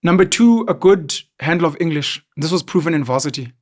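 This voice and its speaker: A young man, a podcast guest, telling animated stories in casual chat and acting out the people in them. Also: fairly high pitch, a little fast. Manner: animated storyteller, acts out the people in his stories.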